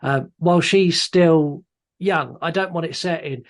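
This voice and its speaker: Fairly high-voiced, blunt male podcast host. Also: measured pace. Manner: blunt and swears freely, with many "um"s. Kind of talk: casual chat about films.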